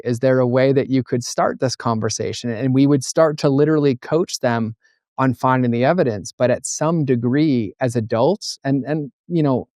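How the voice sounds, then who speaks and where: A middle-aged man tells stories with energy and plays out the voices of people in them. His voice sits at an ordinary pitch and is recorded close and dry, with no room sound. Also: moderate pace, no room sound. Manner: animated storyteller acting out dialogue. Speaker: guest, entrepreneur and coach. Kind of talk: conversational interview.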